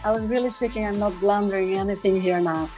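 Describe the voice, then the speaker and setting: A woman's voice: medium pitch, fairly even intonation, fast, a little mellow, faint music behind. A woman playing chess against a streamer, chatting casually and laughing while she explains her moves. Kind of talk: casual chat.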